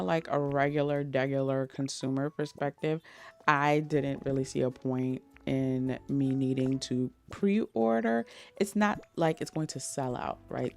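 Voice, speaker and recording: A woman's voice: low voice, darkish tone. A woman streamer chatting casually with her viewers while playing, laughing often and greeting people in chat. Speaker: game streamer.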